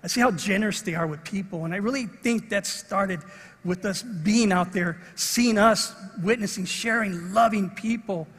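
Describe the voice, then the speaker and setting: A middle-aged man preaches with a high, husky voice that rings out through a large hall. He tells a story in an animated way and acts out the people in it. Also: normal speed. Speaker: pastor. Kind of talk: sermon with a personal story. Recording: long reverb of a large hall.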